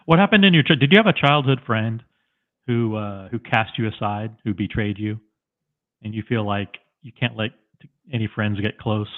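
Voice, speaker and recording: Panelist: low-pitched teasing man, stumbles, thin phone-like call sound. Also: moderate pace. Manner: teasing, stumbling restarts, laughs. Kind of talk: casual livestream chat. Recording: tinny phone-like remote call.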